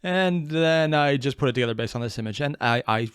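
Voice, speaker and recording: Blunt, disbelieving male reactor, lively swings in pitch, dead-dry close sound. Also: a little fast, smooth, dry recording. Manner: incredulous, blunt, swears freely. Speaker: reaction video host. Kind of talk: casual reaction commentary.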